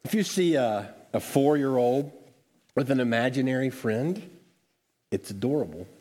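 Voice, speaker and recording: Mellow-voiced male pastor in church. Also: medium pitch, expressive, normal speed. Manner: earnest reading aloud with small self-corrections. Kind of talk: sermon with prayer and scripture reading. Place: church service before a congregation.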